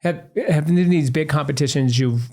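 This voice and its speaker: A man's voice: fairly high pitch, a little fast, mellow. Earnest man explaining with analogies. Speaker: podcast co-host, functional medicine doctor. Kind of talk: casual conversational interview.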